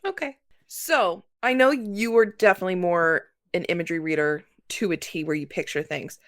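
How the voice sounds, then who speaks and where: A woman's voice: on the low side, moderate pace. A young woman co-hosting a podcast in casual chat, steering the conversation with questions. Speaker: podcast co-host.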